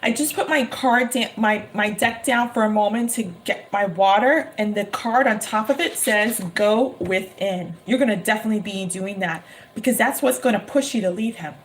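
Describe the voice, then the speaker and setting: A woman giving a live-streamed tarot reading, talking emphatically and repeating her phrases with excitement. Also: mid-range voice, normal speed, slight background noise. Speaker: tarot reader.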